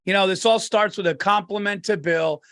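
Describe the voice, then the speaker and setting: A middle-aged man co-hosting a podcast, telling animated, laughing anecdotes. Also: high-pitched, fairly quick. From United States. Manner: storytelling, laughing, does voices in anecdotes. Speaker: podcast co-host. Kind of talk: casual comedic chat.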